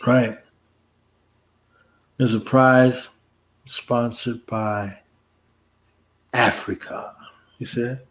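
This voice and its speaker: A man hosting a relaxed late-night livestream, talking casually and joking with a co-host. His voice sits at an everyday middle pitch, and his manner is loose and playful. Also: drawn-out words, long pauses, low-quality recording. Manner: playful, joking, laid-back.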